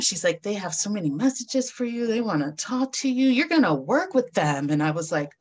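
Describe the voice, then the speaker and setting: A woman of Caribbean heritage telling personal stories in a casual chat, animated, swearing freely and acting out other people's voices. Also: mid-range voice, brisk, hardly any pauses. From Caribbean heritage, raised in the US. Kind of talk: candid casual conversation.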